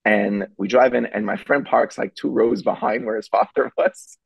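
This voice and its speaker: A middle-aged man speaks with a gravelly, slightly husky voice, in a dry close sound. He tells stories casually and animatedly, full of fillers and acted-out voices. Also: lowish voice, normal speed, dry recording, dull audio. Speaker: rabbi and parenting speaker. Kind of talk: storytelling on a charity broadcast panel.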